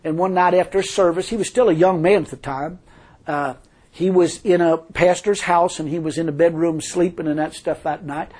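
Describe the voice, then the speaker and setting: A man's voice: fairly high pitch, fairly even intonation, moderate pace, darkish tone. A man preaching a fervent sermon, telling a story and repeatedly crying hallelujah.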